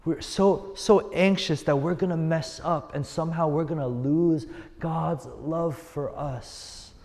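A man's voice: a little high, takes it slowly, vocal fry, darkish tone. Earnest male youth pastor, echoing hall. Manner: earnest storytelling with emphatic repetition. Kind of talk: sermon. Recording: long hall reverb.

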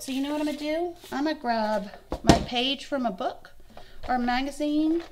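A woman's voice: high voice, background noise. A young woman, an art instructor giving a friendly, encouraging lesson and thinking aloud as she works. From Louisiana. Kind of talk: kids' art lesson demonstration.

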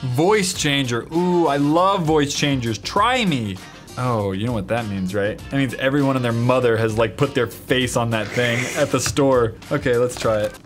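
A young man hosting a casual comedy vlog, reviewing products in a goofy, excitable, jokey way. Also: mid-range voice, normal speed, faint music behind. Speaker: host.

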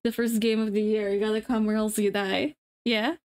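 A woman's voice: medium pitch, little pitch movement, normal speed, darkish tone. A woman live-streaming to her viewers in casual chat, rambling and giggling, restarting her sentences as she fiddles with settings.

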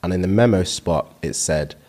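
A man's voice: low-pitched, normal speed, a little mellow. A man, co-hosting a casual podcast, reading comments aloud and laughing often. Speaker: podcast co-host.

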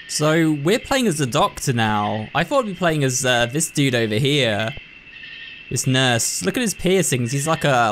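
A man's voice: mid-range voice, fairly bright tone, slight background noise, rough recording. A man chatting casually to viewers as he plays and comments on a horror game. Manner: chatty, amused asides to viewers. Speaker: gaming video host. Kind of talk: casual let's-play commentary.

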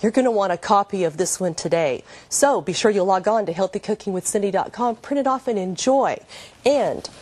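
A woman's voice: mid-range voice, animated, brisk, darkish tone. An older woman hosting a TV cooking demonstration, talking in a gushing, homey, cheerful way in a kitchen set. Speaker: cooking show host.

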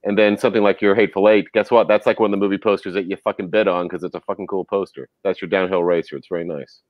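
Fast-talking blunt man, dry sound. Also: low voice, fairly even intonation, no echo, dull audio. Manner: blunt, profane, fast joking. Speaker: co-host. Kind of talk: casual chat.

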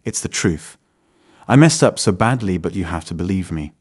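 Brief: desperate tearful young wife, quiet, low-voiced, read by a man narrator. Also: animated, moderate pace, breathy edge. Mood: pleading. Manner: pleading, choked delivery.

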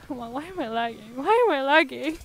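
A woman streaming a game from home, chatty and giggly, sounding tired with her voice going hoarse. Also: high voice, expressive, brisk, faint music behind. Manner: chatty, giggly, self-mocking. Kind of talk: casual live gaming commentary.

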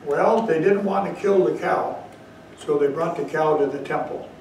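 A man giving a dharma talk as a Zen teacher, telling stories with slow emphatic asides, recorded far from the mic in a very echoey hall. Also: on the high side, darkish tone, slight background noise. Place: meditation hall.

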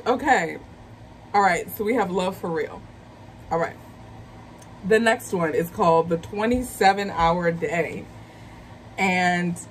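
A woman in her thirties hosting a movie review channel, chatting casually in a slangy, excitable way. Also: on the low side, a little slow, slight background noise, rough recording. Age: 30s. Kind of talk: casual chat.

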